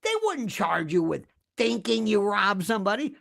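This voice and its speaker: A man's voice: high-pitched, expressive, moderate pace, vocal fry, few pauses, fairly bright tone. A man speaking as a guest commentator, arguing emphatically with rhetorical questions and acting out quoted voices. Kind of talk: animated conversational argument.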